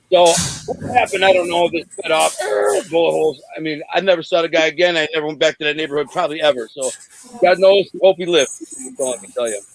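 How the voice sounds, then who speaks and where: A man in his forties from Detroit, bluntly telling rough stories in an interview over a video call, rambling with many restarts. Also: fairly high pitch, a little hiss or hum, low-quality recording. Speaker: interview guest. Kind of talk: candid storytelling in an interview.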